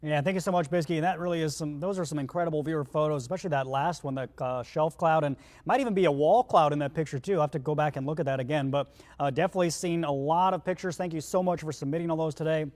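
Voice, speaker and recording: This male chief meteorologist keeps hiccuping as he guides the audience through radar during a live storm broadcast, sounding chatty and pressing. His pitch is a little high and his tone darkish, and he talks quickly, barely pausing.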